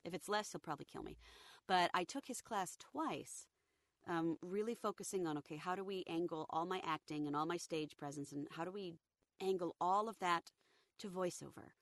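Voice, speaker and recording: A woman with a low, husky morning-after-illness voice tells career stories with lively energy. She acts out quotes from other people as she goes. The sound is close and dry, with no room around it. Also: no echo. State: deep, recovering voice after illness. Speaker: voice actor guest. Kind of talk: casual storytelling interview.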